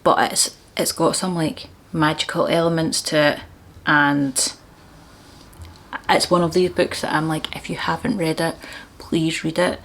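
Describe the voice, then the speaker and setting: A woman's voice: low-pitched, flat delivery, unhurried, gravelly, fairly bright tone. A woman vlogging about books, chatty and enthusiastic, with frequent laughs. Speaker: book vlogger. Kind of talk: casual book chat.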